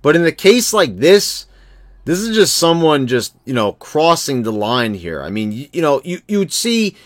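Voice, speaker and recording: A man's voice: on the high side, very animated, normal speed, no room sound, clean studio sound. A man ranting casually about wrestling in a rambling, profane way, full of restarts and fillers. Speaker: wrestling commentary vlogger. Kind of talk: casual opinion rant.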